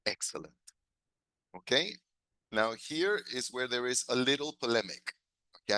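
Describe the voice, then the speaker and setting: A US-raised man teaches an online English class, switching into Spanish, laughing often and modeling phrases slowly. He speaks at medium pitch with a sharp tone, and there's no echo.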